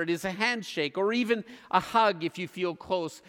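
A man preaching a sermon as pastor, earnest, with emphatic pauses. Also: high-pitched, fairly bright tone, clean tone, long reverb tail.

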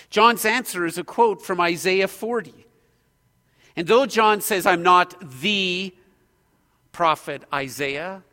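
A male preacher with a high, bright voice delivers an expository sermon. He is earnest and emphatic, building intensity as he drives his points home. His voice carries a long reverb from the hall around him.

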